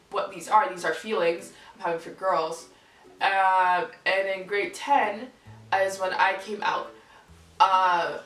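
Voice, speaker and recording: Young woman vlogging in an echoey room. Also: medium pitch. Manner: candid, lively, swears freely, acts out quoted people. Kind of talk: casual storytelling to camera. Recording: roomy echo, voice from far off mic, faint music.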